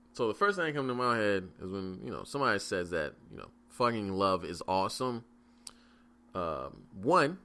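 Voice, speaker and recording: Low-voiced, bright-toned man in his twenties. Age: 20s. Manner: rambling, profane, many fillers and restarts. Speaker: podcast host. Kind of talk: casual solo podcast storytelling.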